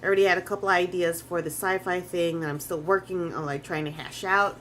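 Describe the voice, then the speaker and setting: A woman's voice: fairly low pitch, fairly even intonation, a little fast, a bit bright, a little hiss or hum. Chatty woman artist rambling while drawing. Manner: rambling and chatty, with casual swearing and many restarts. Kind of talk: casual live-stream chat.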